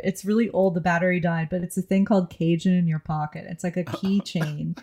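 A woman's voice: lowish voice, fairly even intonation, fairly quick, few pauses, mellow. A woman from New Orleans co-hosting a casual podcast, talking candidly and thinking aloud with frequent restarts. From New Orleans, USA. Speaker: podcast co-host.

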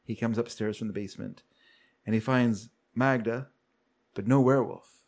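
At a moderate pace and medium pitch, a man retells a show's storyline on the podcast he co-hosts. The conversation is casual, and he livens it up by acting out what the characters say.

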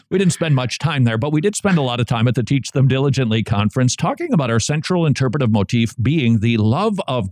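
A male talk radio host riffing through a monologue, his mid-range voice swinging up and down with lively inflection. He jokes along the way and acts out snippets of everyday chatter. The sound is close and dry, with no room echo. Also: mid-range voice. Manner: animated, jokey, acts out quoted chatter.

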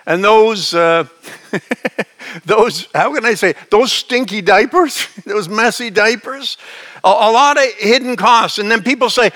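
A man's voice: high voice, expressive, measured pace, bright, forceful tone. A male pastor giving a sermon in a conversational, folksy manner with chuckling asides.

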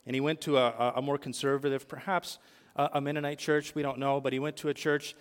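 A man's voice: medium pitch, little pitch movement, fast, clear, resonant tone, in a large hall. A male pastor preaching a sermon, asking the congregation questions and building emphatic lists.

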